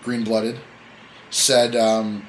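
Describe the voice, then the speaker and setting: A man's voice: on the low side, little pitch movement, drawn-out words, a little hiss or hum, poor audio. A man hosting a casual podcast chat, telling a story in a rambling, joking way and correcting himself as he goes. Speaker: podcast host.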